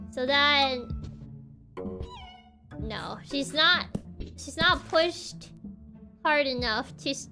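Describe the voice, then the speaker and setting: A woman streamer chats through a game in a high, lively voice that swoops up and down. She talks in an unhurried way, giggles a lot and thinks out loud. Faint music plays behind her. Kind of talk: casual gameplay commentary.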